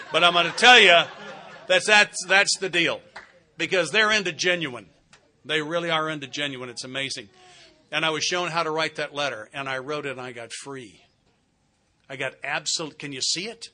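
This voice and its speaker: Middle-aged man, bright and forceful voice, heartfelt plain-spoken sharing at a retreat, dry humor. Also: on the high side. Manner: earnest, heartfelt and confiding. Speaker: recovery retreat speaker. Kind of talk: personal sharing talk. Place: retreat center meeting hall.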